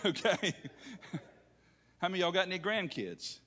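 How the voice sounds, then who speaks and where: A man preaching a sermon, swinging between loud preaching and quiet storytelling. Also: sits high, big pitch swings, moderate pace, long pauses, slightly rough. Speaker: pastor. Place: church sanctuary. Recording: long reverb of a large hall.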